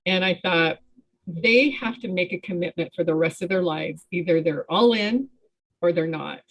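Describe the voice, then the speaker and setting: Woman joining a video call, gushing and halting, slightly low voice, casual chat. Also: highs cut off. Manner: gushing, halting, many restarts. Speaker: challenge participant.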